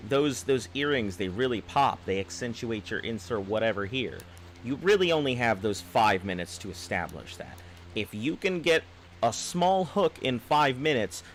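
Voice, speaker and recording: A man's voice: mid-range voice, a bit bright, slight background noise. A man streaming a game and chatting casually, rambling and restarting his phrases as he gives advice and reads viewer comments aloud. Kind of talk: casual live-stream chat.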